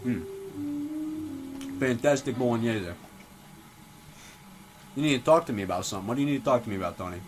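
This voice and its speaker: A man playing a gruff, foul-mouthed, middle-aged mob-style father in a comedy sketch. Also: medium pitch, fairly quick, long pauses, natural voice, rough recording. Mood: swaggering, then prodding. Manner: swaggering, profane, tough-guy drawl. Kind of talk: comedy sketch character acting. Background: music playing.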